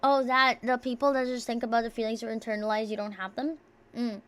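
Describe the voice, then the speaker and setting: Streaming from home with neighbors nearby, a young woman from the US talks briskly in a fairly high, level, slightly bright voice. She reads out viewers' messages with casual, crude humor.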